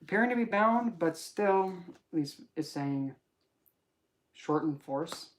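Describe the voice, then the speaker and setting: A casual tarot vlogger with a mid-pitched voice who rambles through readings. The delivery is chatty and full of jokes and self-corrections. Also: lively intonation, slow, a little hiss or hum. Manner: rambling, joking, self-interrupting. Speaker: tarot reader.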